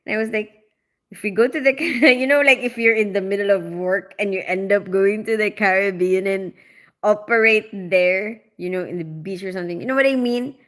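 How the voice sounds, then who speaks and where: A young adult woman who grew up in the Philippines, hosting a casual livestream and chatting quickly with many fillers and laughs while reading out comments. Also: medium pitch, fairly bright tone. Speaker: livestream host, operating room nurse.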